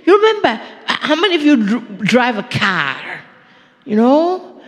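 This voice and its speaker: A woman's voice: on the high side, big pitch swings, unhurried. A woman giving a channeled spiritual talk in a playful, coaxing manner, with chuckling asides. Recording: long reverb in a hall.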